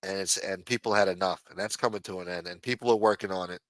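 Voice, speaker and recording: A man's voice: sits low, steady tone, fast, fairly bright tone, dry recording, low-quality recording. A man on a livestream ranting angrily and scolding a viewer, with lots of profanity. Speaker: livestream co-host. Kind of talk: heated livestream rant.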